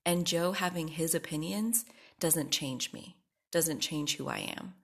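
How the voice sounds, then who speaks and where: A woman's voice: sits low, unhurried, husky. A woman hosting her own podcast, talking candidly and with emphasis in a personal monologue, swearing freely. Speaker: podcast host.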